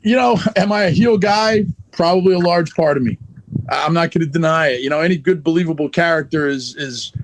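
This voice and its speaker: A man's voice: a little high, a little fast, a little hiss or hum. A man who is a wrestler guest, telling a story in a blunt, profane, heated way in a casual interview.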